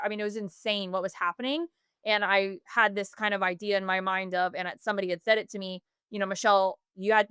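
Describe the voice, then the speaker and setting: A woman in her thirties, a business founder appearing as a podcast guest, earnestly tells a personal story full of fillers and self-corrections. Her medium-pitched voice is a bit bright, clear and resonant. The recording is clean studio sound with no room noise.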